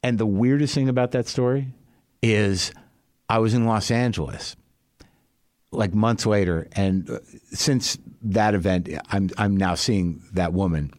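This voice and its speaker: A man's voice: on the low side, measured pace, darkish tone, no echo, studio quality. Wry, rambling male podcast host. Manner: rambling, candid, profane, wry. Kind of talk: comic storytelling monologue.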